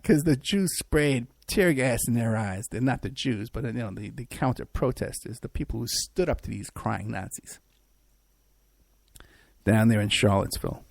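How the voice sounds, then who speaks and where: A man's voice: medium pitch, animated, moderate pace, gravelly, no echo. A man hosting a podcast who also works as a private investigator. He talks in a rambling, sarcastic way, with many fillers and restarts. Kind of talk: casual mocking commentary.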